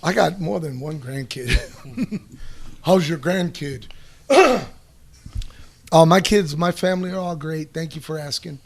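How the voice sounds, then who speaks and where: Brief: middle-aged podcast guest, high gravelly voice, loose rambling storyteller. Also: male voice, takes it slowly, pauses often, crowd noise. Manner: rambling, swears, many restarts and fillers. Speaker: podcast guest answering listener questions. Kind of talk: casual storytelling chat.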